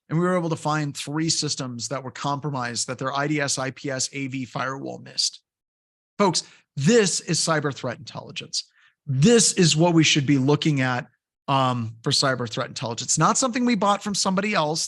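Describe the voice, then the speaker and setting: A middle-aged course instructor teaching security tells a loose story between points, casual and rambling with plenty of fillers. His voice is a little high with a fairly bright tone, and the talk is a lecture with anecdotes.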